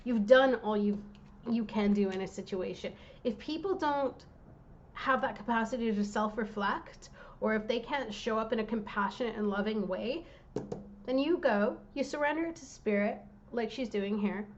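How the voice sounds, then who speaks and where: Woman tarot reader, fairly high voice, fired-up and direct, slightly muffled lo-fi audio. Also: moderate pace, a little hiss or hum. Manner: impassioned, direct, talking to the viewer. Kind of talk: tarot reading vlog.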